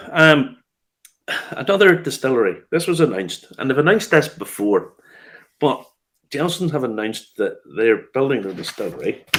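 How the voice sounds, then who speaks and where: Hosting a relaxed whiskey news program, a man chats and tells stories, laughing often and filling his speech with fillers and restarts. His voice is medium-pitched and a bit bright.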